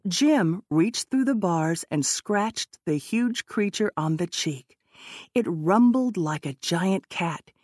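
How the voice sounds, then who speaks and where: A woman narrating an audiobook in a measured, expressive way. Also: on the low side, dry recording, clean studio sound.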